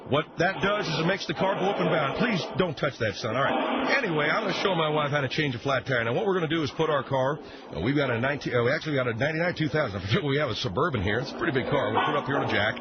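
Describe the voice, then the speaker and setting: A man's voice: fairly high pitch, very fast, close to an everyday voice. A man playing a folksy, rambling middle-aged mechanic who hosts a call-in car show in a comedy radio sketch. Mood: blustering. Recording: muffled lo-fi, loud background noise.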